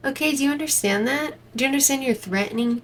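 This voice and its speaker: A woman's voice: sits high, fast, slight background noise, rough recording. A woman vlogger giving exasperated, indignant commentary as she reacts to a protest video from home. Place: indoors at home.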